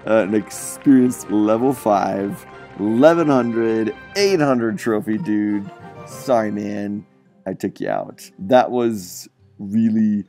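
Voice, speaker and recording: A young man hosting his gaming channel, chatty and jokey, commentating a mobile strategy match and getting excited at close moments. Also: lowish voice. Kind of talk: gameplay commentary.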